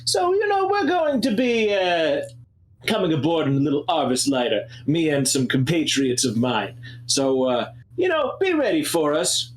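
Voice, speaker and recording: A man voicing a pompous, haughty male noble who makes demands in a grand, drawn-out way. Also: very high-pitched, very animated, fairly bright tone, roomy sound, voice pushed up, full character voice.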